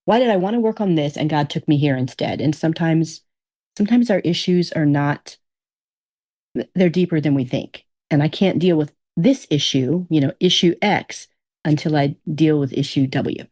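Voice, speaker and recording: A woman's voice: low-pitched, moderate pace, darkish tone. A woman guest telling stories in a casual conversation, often repeating her phrases. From Alaska.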